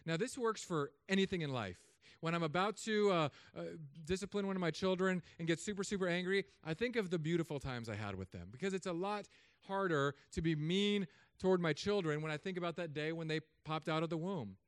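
A man in his thirties, a pastor, preaching a sermon with humor and animated storytelling asides. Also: fairly high pitch, fairly quick, few pauses, smooth, dry recording, studio quality.

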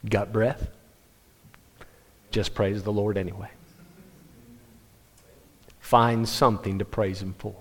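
A man's voice: fairly low pitch, slow, pauses often, slightly rough. Man preaching in a reverberant hall. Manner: animated storytelling, self-interrupting restarts. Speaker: pastor. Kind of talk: sermon. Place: church sanctuary.

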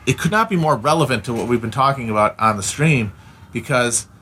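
A Midwestern-accented man rants to his stream audience, blunt, opinionated and full of swearing, often restarting his sentences. His voice sits at a middling pitch for a man. A faint layer of background noise hangs under his talk. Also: animated, a little fast, pushed and bright. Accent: Upper Midwestern American. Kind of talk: casual ranting monologue.

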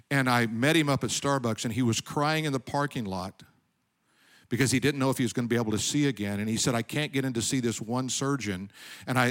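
A middle-aged man preaching a sermon as pastor, telling personal stories and building to loud, emphatic calls to the congregation. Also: mid-range voice.

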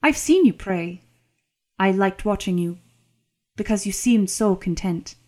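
A woman's voice: medium pitch, animated, measured pace, a little mellow, close to an everyday voice. A woman voicing a curious young servant woman in an audiobook, speaking earnestly.

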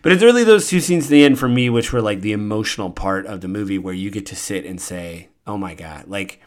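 A man with a fairly low voice hosts a podcast and talks through a film's ending. His delivery is casual and earnest, winding through fillers, restarts and loose asides. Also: fast. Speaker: podcast host. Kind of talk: casual movie recap.

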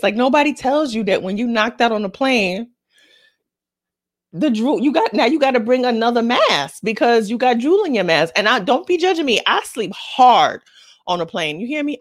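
A woman hosting a show, talking casually and comedically with animated, excitable jumps in her voice. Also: fairly high pitch. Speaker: host.

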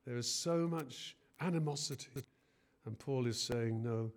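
A man's voice: mid-range voice, a little slow. A man preaching a sermon in an earnest way, often hesitating and rising in force on key phrases.

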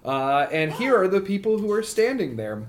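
A man narrating a tabletop game as game master, in a loose, rambling way with many filler pauses. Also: high-pitched, big pitch swings.

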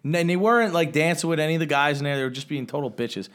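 A man tells crude, animated stories in casual chat. His voice sits a touch higher than most men's. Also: racing.

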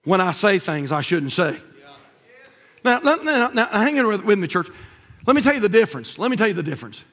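A pastor preaches in a church, his voice sitting high and bright. He drops to near-whispers, then climbs to fervent shouts. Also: very animated, fairly quick, long reverb tail. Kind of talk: sermon. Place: church sanctuary.

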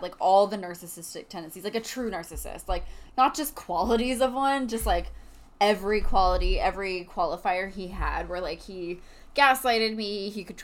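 A woman co-hosting a podcast, telling a personal story in casual chat, animated and swearing freely. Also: medium pitch. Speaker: podcast co-host.

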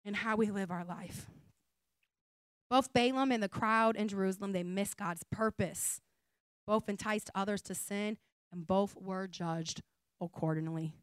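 A woman pastor preaching a sermon in a conversational style, rising to emphatic calls and then dropping to soft asides. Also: medium pitch, unhurried, clear, resonant tone, no room sound. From United States.

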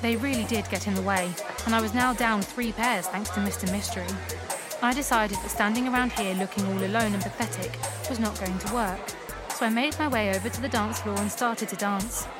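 Soft-spoken woman reading an erotic story. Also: mid-range voice, fairly quick. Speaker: narrator. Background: music.

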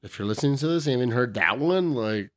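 A man's voice: mid-range voice, lively intonation, fast, no room sound, studio quality. A man hosting a casual podcast, joking loosely with slang and swearing and laughing often. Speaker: podcast host.

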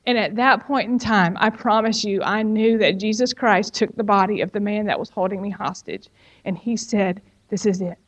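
A woman's voice: medium pitch, fairly even intonation, normal speed, dull audio. A woman giving a personal testimony, telling her story frankly and turning to the listener with emphatic asides.

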